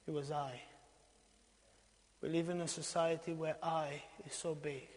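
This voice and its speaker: A man from Romania preaching a sermon in a church, repeating his phrases for emphasis and swinging between loud exhortation and hushed lines. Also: fairly high pitch, level tone, measured pace. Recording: long reverb in a church hall.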